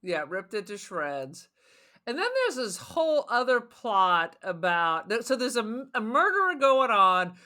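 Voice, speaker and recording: A woman's voice: mid-range voice, sing-song, measured pace, bright, forceful tone. A woman from Palm Springs co-hosting a podcast, joking wryly while chatting casually about a film. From Palm Springs, California. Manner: wry, joking, acts out quotes. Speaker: podcast co-host.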